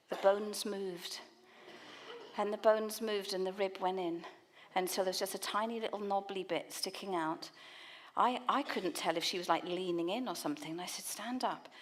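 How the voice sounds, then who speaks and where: A woman speaking at a church leaders' conference, telling a lively story in a sermon talk, laughing and using quick asides. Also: mid-range voice. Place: conference hall.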